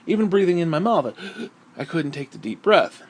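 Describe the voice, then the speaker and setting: A man's voice: on the high side, sing-song, normal speed, a little hiss or hum. A man talking through a profane, rambling vlog monologue, short of breath and sighing often. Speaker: vlogger.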